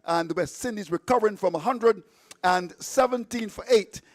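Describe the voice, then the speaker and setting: A man's voice: high-pitched, normal speed, no room sound. A man hosting live radio cricket commentary, chatty and playful, reading out the scorecard with stumbles.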